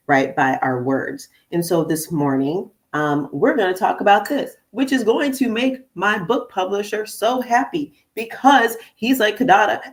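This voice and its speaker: A middle-aged woman hosting her own podcast as a conflict coach, talking casually and animatedly to listeners, calling them "y'all". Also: low voice. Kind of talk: casual morning podcast monologue. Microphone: studio podcast microphone.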